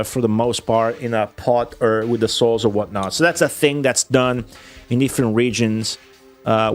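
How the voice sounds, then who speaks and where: A man chatting on a livestream, blunt and profane, swearing freely as he rants. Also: mid-range voice. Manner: profane, blunt, excitable ranting. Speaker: streamer. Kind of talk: casual livestream chat.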